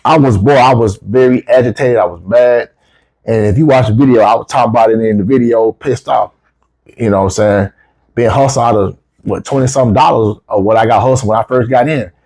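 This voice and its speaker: Animated, profane man telling a story. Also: medium pitch, brisk. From United States. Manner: animated, profane, rises sharply when quoting himself. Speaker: travel vlogger. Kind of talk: casual storytelling to camera.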